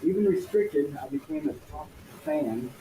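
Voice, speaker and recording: A man's voice: fairly high pitch, wildly swooping pitch, moderate pace, vocal fry. A man co-hosting a podcast, talking loosely and swearing in casual chat. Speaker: podcast co-host. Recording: echoey room, faint background noise.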